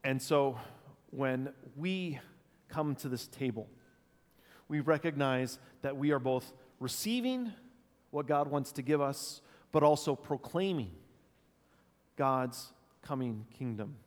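A man preaching a sermon as pastor, thoughtful and unscripted, pausing with fillers and restarts. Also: medium pitch, expressive. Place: church sanctuary. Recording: long church reverb.

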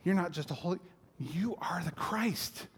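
A man's voice: fairly high pitch, expressive, measured pace. A man voicing the disciple Peter, making emphatic, rising declarations. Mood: awed, fervent. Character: impassioned male disciple Peter, fervent and bold. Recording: echoey hall reverb.

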